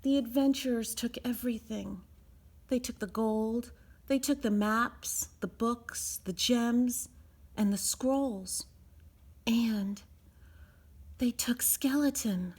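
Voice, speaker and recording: A woman reading a children's picture book aloud as a storyteller, expressive and sing-song. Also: fairly high pitch, takes it slowly, breathy edge.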